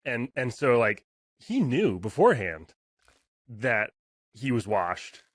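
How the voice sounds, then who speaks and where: A man's voice: medium pitch, very animated, takes it slowly, no echo, studio quality. A man co-hosting a casual podcast, chiming in with teasing one-liners. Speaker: podcast co-host. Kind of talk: casual chat.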